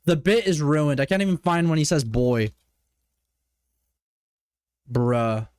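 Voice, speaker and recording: A man from Canada streaming a casual reaction commentary, animated, profane and mocking. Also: fairly high pitch, slow pace, dry recording, studio quality.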